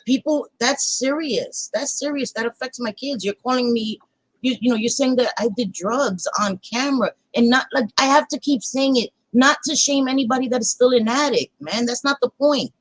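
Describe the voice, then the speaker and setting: A woman's voice: fairly high pitch, moderate pace, no room sound, low-quality recording. Blunt, heated woman. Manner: blunt, heated, swears freely. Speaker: channel host. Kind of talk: casual livestream chat.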